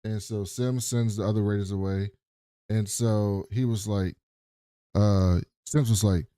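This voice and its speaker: A man co-hosting a casual podcast, retelling a TV episode with lively put-on voices and plenty of swearing. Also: on the low side, a little slow, no room sound, clean studio sound. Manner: animated retelling, puts on characters' voices, swears freely. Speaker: podcast co-host. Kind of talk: casual TV recap chat.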